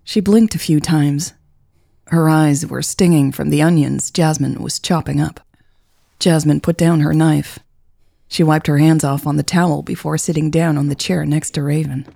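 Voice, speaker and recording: A woman host reading a romance story aloud in a calm, measured way. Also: low-pitched, creaky, no room sound, clean studio sound. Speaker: podcast storyteller. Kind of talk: story narration. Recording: faint music behind.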